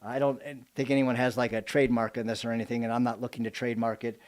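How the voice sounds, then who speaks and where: A man giving a motivational live talk as a business coach, telling animated stories and joking with his audience. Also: medium pitch, quick pace. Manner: animated storytelling, jokes to the audience.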